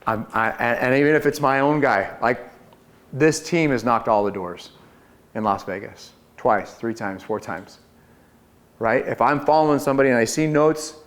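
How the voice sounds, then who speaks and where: A man coaching a group on door-to-door solar sales, talking with energy and confidence and acting out his pitches. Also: moderate pace. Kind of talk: sales training talk to a group.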